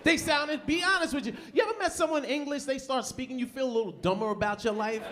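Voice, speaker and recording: A man from the United States performing a stand-up comedy set in a club, with an animated, loud, punchy delivery. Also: extremely high pitch, quick pace, a crowd in the background, background noise. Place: comedy club stage before a live audience. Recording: live club recording with audience laughter.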